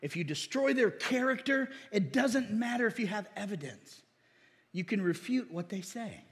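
A man preaching a sermon, animated, with laughs and mocking impressions of critics. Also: high-pitched, normal speed, in a large hall. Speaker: pastor.

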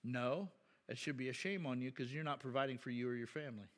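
A male pastor with a mid-range voice talks fast in a large hall, preaching bluntly and conversationally in church. He's animated and trades remarks back and forth with his congregation throughout the sermon.

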